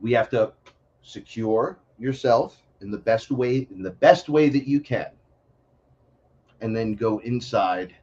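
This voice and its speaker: A man from the Bronx with a New York accent, a podcast guest talking in a blunt, profane, animated way. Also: medium pitch, slow, lo-fi sound. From New York City, the Bronx. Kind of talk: casual podcast chat.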